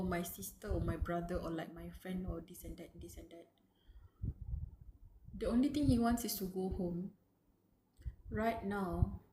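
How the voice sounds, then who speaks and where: A woman reads a web novel to her live audience and reacts as she goes, with excited outbursts, heavy sighs and a breathless edge. She speaks at an ordinary middle pitch. The recording sounds roomy and echoey, with a faint hiss underneath. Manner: excitable, sighing, breathless reactions, keeps saying "bro". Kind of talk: live reading with emotional reactions.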